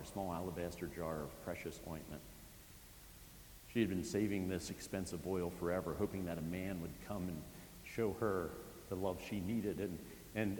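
A man's voice: deep voice, a little mellow. A man, a pastor, preaching a sermon in a casual storytelling way, often adding asides as he retells the scene. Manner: conversational storytelling with frequent asides. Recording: echoey hall with faint hiss.

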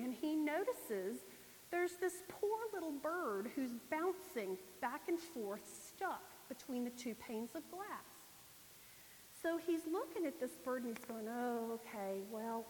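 A woman preacher giving a sermon at a church service, telling her stories with animation and acting out the people in them. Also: on the high side. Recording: long reverb, faint hiss.

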